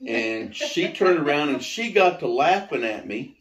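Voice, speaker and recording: A middle-aged man, the host's father, telling a personal story in a casual, animated way and swearing now and then. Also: on the high side, a little slow. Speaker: interviewee, father of the host. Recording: roomy echo.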